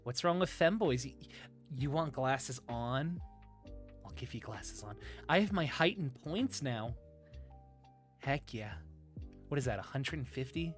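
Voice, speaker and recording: A man streaming live, chatting in a soft, breathy, put-on high "femboy" voice close to the mic, giggling and reading chat aloud. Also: lively intonation, unhurried, pauses often, soft background music.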